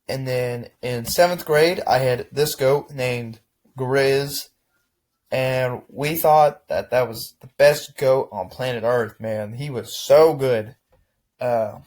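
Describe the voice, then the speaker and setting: Easygoing young man reminiscing casually. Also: medium pitch. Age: young adult. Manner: rambling, relaxed, frequent restarts and "man". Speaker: vlogger. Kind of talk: casual reflective chat to camera.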